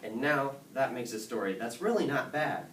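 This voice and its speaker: A man reading a rhyming picture book aloud in a rhythmic, sing-song way, building excitement as the verses pile up. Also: medium pitch, normal speed, a little hiss or hum. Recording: echoey room from far off, faint ambience.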